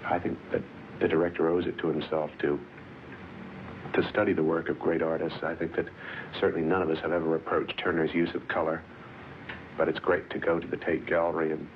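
American guy in his 40s, film director, super low voice, kinda muffled old tv sound. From United States. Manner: thoughtful, circling phrases and restarting often. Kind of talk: reflective interview answers. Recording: dull 1970s TV broadcast audio, faint hiss.

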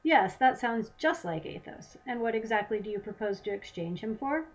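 A woman's voice: a little high, lively intonation, moderate pace, lightly acted. A woman voicing a cool, defiant female airship commander who bargains in a dry, guarded way, in a storybook reading.

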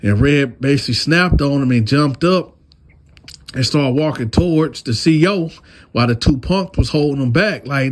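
A man hosting a casual storytime, retelling in an animated, slangy way. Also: medium pitch, moderate pace. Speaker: storyteller, channel host.

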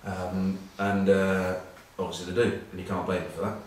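A man's voice: sits low, level tone, normal speed. Rambling man in an echoey room. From England. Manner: rambling, dry self-mocking humour, many ums and uhs. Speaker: former rugby captain presenting a web news piece. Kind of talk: casual anecdotal monologue. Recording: very echoey room, mic far off, faint background noise.

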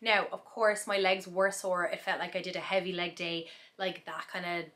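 A woman's voice: on the low side, level tone, normal speed, a bit bright. A young woman chatting in a casual vlog, recapping her day in a reflective, talkative way with frequent laughs. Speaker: vlogger.

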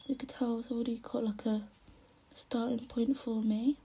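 A young woman talks her way through a makeup routine at home in a soft, half-whispered, chatty voice. Her voice sits slightly high and carries a gravelly fry. A faint hiss runs underneath. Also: steady tone, normal speed. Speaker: vlogger. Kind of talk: casual chat while doing makeup.

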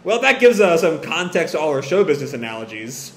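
A man hosting a live manga reading reaction, talking casually, animated and exasperated, swearing often. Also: fairly high pitch, quick pace. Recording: echoey room, faint hiss.

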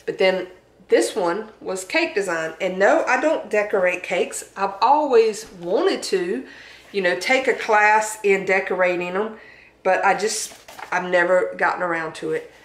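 A woman's voice: medium pitch, a little slow, reverberant, rough recording. A woman with a Southern accent chatting casually at home, showing off her thrift store finds in a homey, talkative way. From Southern United States. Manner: chatty, homey, laughs at herself. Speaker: thrift haul vlogger. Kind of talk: casual show-and-tell chat. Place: home dining room.

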